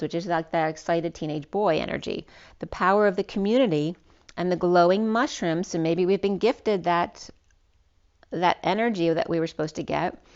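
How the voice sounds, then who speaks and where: Working through a spiritual tarot reading, a woman with a fairly low, smooth voice rambles, frequently restarting and filling gaps with ums. The audio sounds dull and lo-fi.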